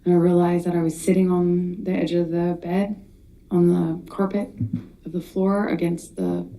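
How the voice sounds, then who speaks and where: A woman in her thirties giving sworn testimony as a witness in a courtroom, speaking haltingly with frequent restarts. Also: on the low side, dark tone, slight background noise. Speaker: trial witness.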